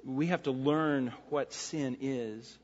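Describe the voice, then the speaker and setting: A man's voice: mid-range voice, steady tone, slow. A man preaching a sermon as pastor, earnest and repeating phrases for emphasis. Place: church sanctuary. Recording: lo-fi church recording with long reverb.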